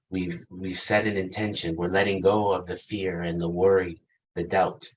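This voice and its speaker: On a poor recording with a little hiss or hum, a low-voiced pastor in his fifties gives a thoughtful sermon. He poses questions to the congregation and laughs softly as he moves from one thought to the next.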